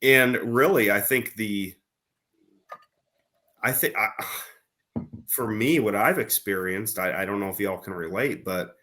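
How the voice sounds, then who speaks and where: A man with a fairly low voice co-hosts a casual podcast. He teases his co-host, then makes earnest motivational points and backs them with everyday examples. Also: fairly bright tone.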